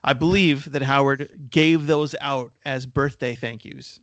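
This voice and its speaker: A man's voice: mid-range voice, fairly even intonation, unhurried, a bit bright, dry recording. Rambling man, dry podcast mic. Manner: rambling, repeats words when starting sentences. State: coughing now and then. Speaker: podcast co-host. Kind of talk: casual podcast discussion.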